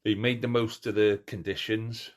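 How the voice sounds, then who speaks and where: A middle-aged man hosting a podcast in casual chat, telling stories in an animated way with lots of restarts. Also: on the low side, normal speed. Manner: animated storyteller, acts out crowd cheers; chatty, many restarts and fillers. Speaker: podcast host.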